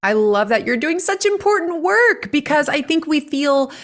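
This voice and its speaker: A middle-aged woman co-host whose pitch swings widely as she talks. She chats casually and tells her stories in a lively, expressive way. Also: moderate pace. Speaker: podcast co-host. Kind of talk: casual podcast chat.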